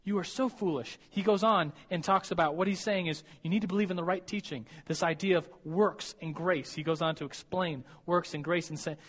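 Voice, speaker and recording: A man's voice: high voice, steady tone, fairly quick, few pauses, fairly bright tone, long reverb tail. A young man giving a chatty, self-deprecating sermon to college students, giggling and stumbling over his words. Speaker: preacher teaching college students. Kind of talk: casual sermon.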